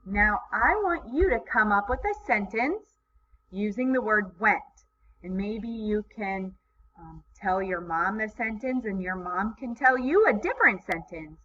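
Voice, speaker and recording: A woman teaching kindergarten in a recorded video lesson, with slow, encouraging, sing-song teacher talk. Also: medium pitch, lively intonation, pushed and bright. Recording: slightly dull lo-fi sound, faint background noise.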